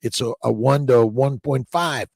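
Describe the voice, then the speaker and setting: A man's voice: medium pitch, a little slow, creaky, darkish tone, breathy edge, no echo, clean studio sound. A man hosting a casual livestream, reading out viewer comments and greeting them in a rambling, upbeat way. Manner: rambling, upbeat, repeats catchphrases and restarts words. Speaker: livestream host.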